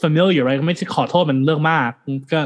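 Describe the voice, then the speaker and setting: A man in his thirties spills stories at a breakneck clip, animated and chatty. His voice sits a bit high for a man. He hops between English and Thai mid-sentence. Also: racing. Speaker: podcast guest, actor. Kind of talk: casual interview chat.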